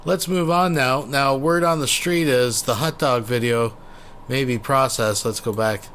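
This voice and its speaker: A man's voice: mid-range voice, steady tone, unhurried, fairly bright tone, a little hiss or hum. A man hosting a casual commentary show, talking laid-back to his viewers. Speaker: commentary host.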